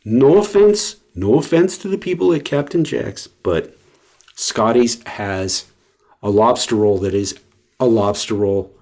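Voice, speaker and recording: A man's voice: mid-range voice, expressive, unhurried, a little mellow. A man chatting casually to the camera in a rambling way, full of fillers and restarts. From West Coast of the US. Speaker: vlogger.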